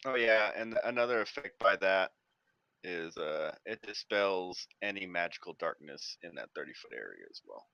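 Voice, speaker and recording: Gravelly playful man on a muffled mic. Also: deep voice, expressive, normal speed, dry recording. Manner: playful, chatty, explaining rules. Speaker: player, cleric. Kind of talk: playing a tabletop game over voice chat.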